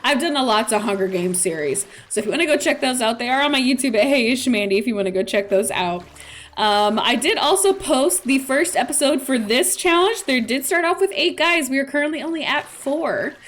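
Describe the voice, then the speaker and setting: A woman's voice: high voice, lively intonation, a little fast, a bit bright. A woman streamer chatting playfully through casual gameplay commentary. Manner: chatty, playful, with laughs and fillers.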